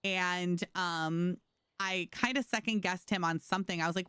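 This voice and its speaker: With a fairly low, bright, clear and resonant voice, a woman streamer chats with viewers as she plays, often laughing and telling stories. She speaks at a moderate pace with fairly even intonation, recorded cleanly in a studio with no echo.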